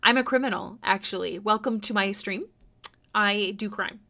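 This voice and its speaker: A young woman chatting casually with her viewers on a live art stream, self-deprecating and prone to sudden excited exclamations. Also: mid-range voice, moderate pace, creaky. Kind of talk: casual live-stream chat while drawing. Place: home room.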